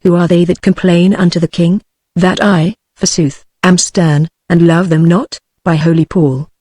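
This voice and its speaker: A woman's voice: fairly low pitch, a little slow, breathy edge, no room sound, studio quality. A synthetic British woman reading a bitter scheming duke. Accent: British English. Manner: flat, even synthetic reading.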